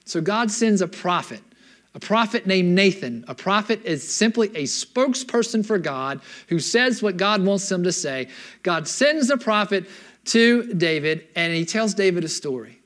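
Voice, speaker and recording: High-voiced man preaching a lively sermon. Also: unhurried. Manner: animated storyteller, checks in with the room; retells scripture in casual everyday words. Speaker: pastor.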